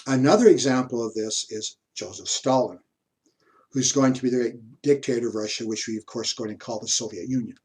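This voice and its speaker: Unhurried male history lecturer. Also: mid-range voice, darkish tone. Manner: unhurried, pausing mid-sentence, offering asides. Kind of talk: university lecture.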